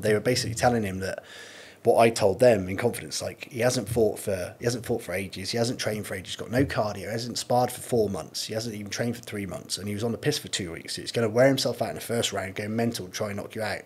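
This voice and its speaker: Brief: bloke, low husky voice, casual swearing storyteller on a podcast. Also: male voice, a little fast, a little mellow. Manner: laid-back, swears freely, laughs through anecdotes. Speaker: podcast guest.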